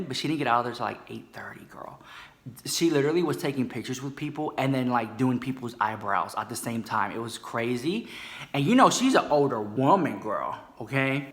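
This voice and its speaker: A man's voice: medium pitch, sharp tone. A man doing a campy, dramatic gossip vlog, sassy and full of "girl" asides. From United States. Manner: sassy, dramatic, calls viewers "girl" constantly. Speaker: comedy vlogger.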